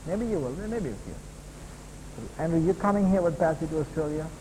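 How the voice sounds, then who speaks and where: A man preaching a sermon as a pastor, building to loud emphatic peaks and then dropping to quieter, lower asides. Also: lively intonation, fairly quick, a little hiss or hum. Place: church hall. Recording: long hall reverb, faint ambience.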